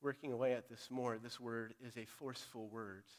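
A pastor preaching an earnest, direct sermon, moving between loud urging and quiet, pressing appeal. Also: male voice, medium pitch, fairly even intonation, normal speed.

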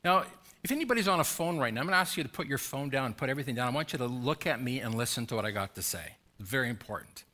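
A man's voice: medium pitch, lively intonation, racing, sharp tone. A man preaching a sermon as pastor, urging and pleading with his congregation through emphatic repeated questions.

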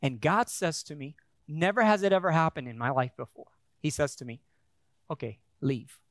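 A man's voice: a little high, expressive, fairly quick, a bit bright, no room sound, clean studio sound. A male pastor preaching a sermon, telling a story in a conversational way with frequent restarts, then building to emphatic preaching. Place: church.

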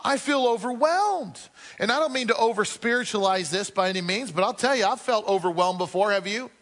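A male pastor preaching a sermon earnestly, asking the congregation questions and slowing down to stress his points. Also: high voice, a bit bright, big-room sound.

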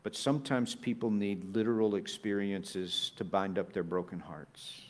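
A man preaching a sermon, building from quiet reflective lines to loud, emphatic peaks. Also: fairly low pitch, normal speed. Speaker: pastor.

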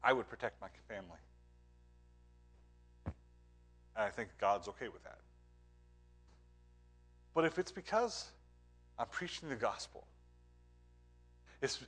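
A man preaching a sermon as pastor, earnest, moving between emphatic points and hushed, quiet lines. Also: medium pitch, breathy edge.

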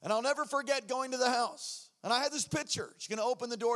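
A man preaching a sermon, telling his story with acted-out voices and shouts. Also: very high-pitched, fast talker, few pauses. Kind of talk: sermon testimony.

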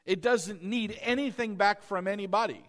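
A middle-aged male pastor delivering a sermon in a fairly high voice. He preaches in an animated way, firing rhetorical questions at the congregation and slipping into quoted lines. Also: moderate pace.

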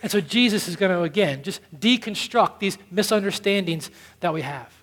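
A male pastor with a high voice delivers a sermon in a church hall, and his words ring out with a long reverb. He tells a story, rising to loud urgency and then dropping to a hushed, soft delivery. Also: lively intonation, moderate pace. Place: church sanctuary.

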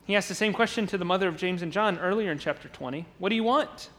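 A man's voice: high-pitched, fast talker, fairly bright tone, long reverb tail. A man preaching a sermon in a church, emphatic and repeating words as he builds his points, now and then acting out the crowd's voices. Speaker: pastor. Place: church sanctuary.

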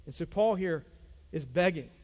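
A man's voice: on the high side, expressive, normal speed, darkish tone. A middle-aged man, a pastor preaching a sermon emphatically, repeating lines and calling out to his congregation. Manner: emphatic, repetitive preaching with audience call-outs. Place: church sanctuary. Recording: long hall reverb.

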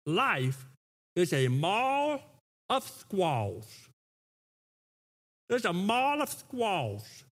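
Brief: male pastor, lively sermon voice, high and swooping, stumbles into quick restarts. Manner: animated, stammering restarts.

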